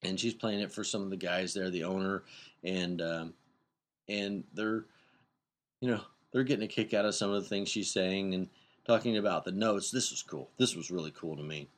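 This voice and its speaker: A middle-aged man with a somewhat low voice tells a loose, rambling story in casual podcast style. He is animated and jumps into the voices of the people he quotes. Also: moderate pace. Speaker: podcast host.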